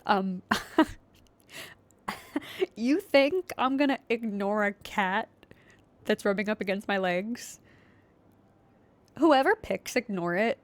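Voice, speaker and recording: A woman's voice: medium pitch, expressive, slow pace, pauses often, dry recording. A young woman with a Philadelphia accent, playing a story game, reading narration aloud with chatty, giggly asides. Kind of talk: casual game playthrough narration.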